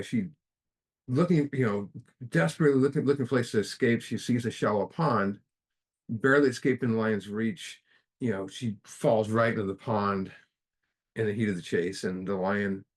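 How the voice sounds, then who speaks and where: Middle-aged man, low voice, casual study-group speaker, halting delivery full of fillers. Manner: halting, with restarts and many fillers. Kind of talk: casual spiritual talk with storytelling.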